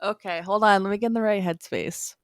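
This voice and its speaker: A woman co-hosting a casual podcast from her bedroom, speaking quietly and giggling often. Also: medium pitch, fairly even intonation, a little fast, dry recording, clean studio sound. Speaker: podcast co-host. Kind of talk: casual chat.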